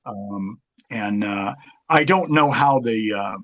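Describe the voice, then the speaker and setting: A man's voice: fairly low pitch, takes it slowly, fairly bright tone, slight background noise. A man, a guest martial arts author, chatting casually in an interview and rambling through stories with many fillers and restarts.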